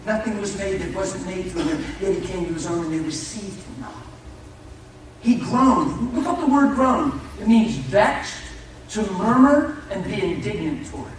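A man preaching a fervent sermon, swinging from shouts to hushed intensity and speaking folksily to his listeners. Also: high voice, expressive, normal speed. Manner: folksy, addresses listeners as "brother". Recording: echoey hall, mic far off, faint noise.

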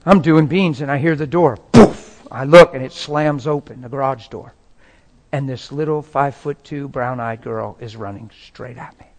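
A man preaching a personal testimony in a dramatic, emotional storytelling manner. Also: fairly high pitch.

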